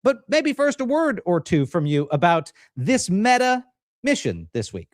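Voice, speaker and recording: Man, livestream host, energetic and jokey, animated pitch, dry close sound. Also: unhurried, no echo. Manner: energetic, jokey, hype-building introductions. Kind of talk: upbeat live-stream show opening.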